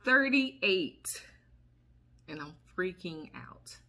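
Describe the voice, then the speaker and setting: A woman, chatting casually to camera as a vlogger, sassy and quick to laugh and exclaim. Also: fairly low pitch, big pitch swings, sharp tone. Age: 30s.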